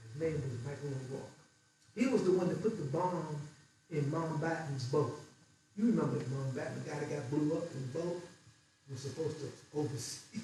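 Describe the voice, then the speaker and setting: Older guy giving a fiery talk, pretty high voice, picked up from way back in a big echoey hall. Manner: fiery, blunt, colloquial, repeats for emphasis. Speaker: guest speaker. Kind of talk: political lecture to an audience. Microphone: distant room mic. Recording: echoey hall recorded from far off.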